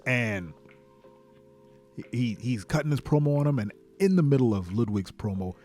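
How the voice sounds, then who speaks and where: An excited man hosts a podcast and narrates play-by-play in an ordinary, mid-range voice. He bursts into shouted sound effects as he goes. Faint music plays behind him. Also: mid-range voice, moderate pace. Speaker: podcast host.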